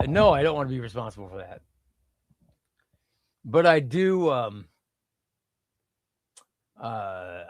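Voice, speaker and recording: A man's voice: a little high, no echo, studio quality. A middle-aged man hosting a casual comic book livestream, rambling and reading chat aloud.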